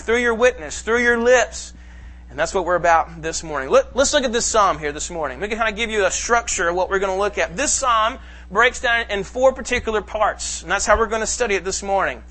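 Man, pastor's sermon, high voice, bright tone, emphatic delivery. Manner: emphatic preaching, slows for scripture reading. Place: church sanctuary.

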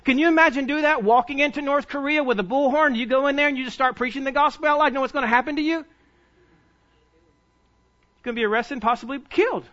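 Male pastor, sermon, very high voice, emphatic preaching, dull lo-fi sound. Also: fast talker, pushed and bright. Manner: emphatic preaching, urging listeners to listen. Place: church sanctuary.

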